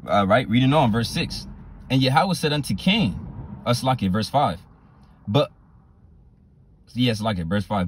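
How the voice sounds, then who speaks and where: A man preaching a sermon, repeating his phrases and reading scripture verses slowly and deliberately. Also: mid-range voice, very animated, a little hiss or hum. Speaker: street preacher.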